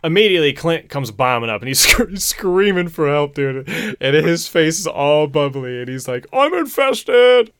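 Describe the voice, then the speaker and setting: Young man recapping a movie, crude and excited. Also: on the high side, moderate pace, hardly any pauses, smooth, no echo, clean studio sound. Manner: excitable, profane storytelling, says "dude" a lot. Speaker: podcast host. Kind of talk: casual movie recap chat.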